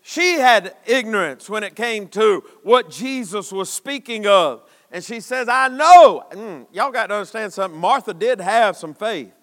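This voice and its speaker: A man preaching a sermon, building to shouted emphasis with long dramatic pauses. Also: high-pitched, expressive. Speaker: pastor. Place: church sanctuary. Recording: long reverb of a church hall.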